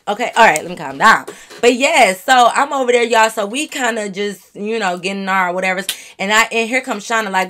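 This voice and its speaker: A woman vlogger telling a story straight to her viewers in an animated, profane, casual way. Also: medium pitch, normal speed, slight background noise.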